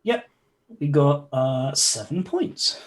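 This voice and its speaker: A man acting as game master for a tabletop game played over an online call, relaxed and chatty. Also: on the high side, slow. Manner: relaxed, chatty, cursing mildly at stream problems.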